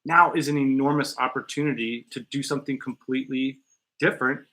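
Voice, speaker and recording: A man's voice: medium pitch, fairly even intonation, brisk, bright, forceful tone. A man hosting a casual podcast chat in a studio, blunt and joking, with some profanity. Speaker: podcast host.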